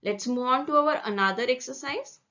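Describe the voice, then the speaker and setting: A woman's voice: sits high, brisk, sharp tone, highs cut off. A woman teaching a German grammar lesson, explaining carefully and repeating example words so they can be drilled.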